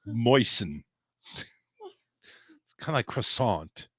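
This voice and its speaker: A man's voice: drawn-out words, slightly rough, dry recording. Playful crude male radio host. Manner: playful, crude, teasing, very lively pitch. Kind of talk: crude comedic chat.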